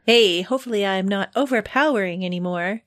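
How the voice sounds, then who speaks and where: A woman's voice: mid-range voice, brisk, a bit bright, no room sound, clean studio sound. A woman co-hosting a casual podcast, chatty and giggly, often tripping over her words. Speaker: podcast co-host.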